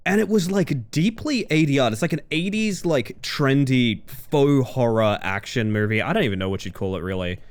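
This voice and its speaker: A man's voice: medium pitch, expressive, moderate pace, few pauses. A man chatting casually with his viewers while he streams a game, rambling and laughing easily. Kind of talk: casual gaming-stream chat.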